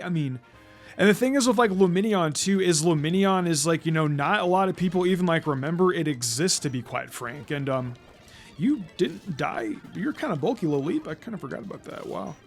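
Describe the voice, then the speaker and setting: A young man giving casual let's-play commentary, rambling with many fillers and stumbling restarts. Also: high-pitched. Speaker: gaming commentator.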